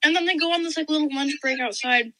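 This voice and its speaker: A teenage girl co-hosting a casual podcast, excitable and giggly as she jumps in with details. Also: high-pitched, fast, dry recording, low-quality recording. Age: teens. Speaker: podcast co-host. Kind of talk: casual chat.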